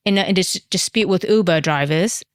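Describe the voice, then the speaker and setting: A woman's voice: on the low side, a little fast, clean tone, no room sound, clean studio sound. A woman from Hong Kong with an English accent, co-hosting a podcast in casual chat, blunt and exasperated, swearing freely. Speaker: podcast co-host.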